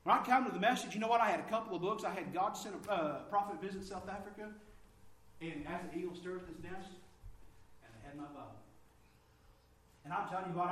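A man preaching a sermon, telling stories with lively energy that climbs high and loud when excited. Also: far from the mic. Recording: echoey room, from off mic.

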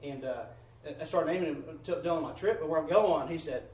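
A man's voice: fairly high pitch, fairly quick, darkish tone. A man, a missionary preacher telling testimonies in a folksy sermon style, acting out the dialogue. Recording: echoey room, distant mic, faint ambience.

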